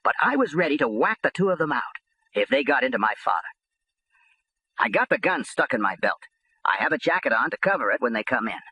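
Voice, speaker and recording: A man narrating an audiobook in the first person, blunt and streetwise. His voice is bright and slightly husky, with animated pitch and a dry, close sound. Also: brisk, dry recording, low-quality recording.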